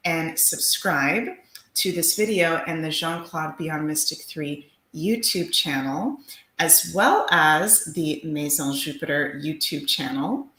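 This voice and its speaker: A low-pitched woman co-hosts a livestream in casual chat. She talks in an upbeat, gushing way. Her voice rings out in a noticeably echoey room. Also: slow, bright, forceful tone. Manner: upbeat, gushing promotional talk. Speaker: livestream co-host.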